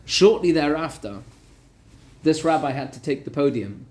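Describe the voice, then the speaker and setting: A man, a rabbi, telling a story in a lively Torah lesson, repeating words for emphasis. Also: fairly high pitch, normal speed. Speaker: rabbi teaching a weekly class.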